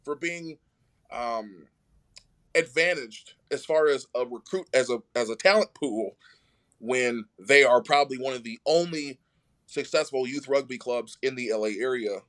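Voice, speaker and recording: A man's voice: mid-range voice, measured pace. A man telling a story in casual conversation as a podcast guest, acting out the voices of people he quotes. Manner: animated, acts out quoted voices.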